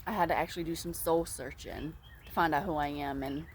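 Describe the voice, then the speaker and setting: A woman's voice: low-pitched, fairly even intonation, a little fast, a little hiss or hum. A woman talking straight to camera in a casual advice vlog, blunt and emphatic, repeating points for emphasis. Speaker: vlogger.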